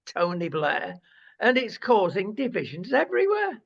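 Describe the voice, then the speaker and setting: A man's voice: high-pitched, huge pitch swings, normal speed, gravelly, fairly bright tone. A man giving forthright, provocative opinions in a casual discussion. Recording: dull lo-fi sound.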